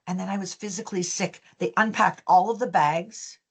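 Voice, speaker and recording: A woman's voice: medium pitch, normal speed, hardly any pauses. A woman, a business founder telling stories as a guest in an interview, acting out the dialogue as she goes. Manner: lively storyteller, acts out quoted dialogue. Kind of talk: storytelling in an interview.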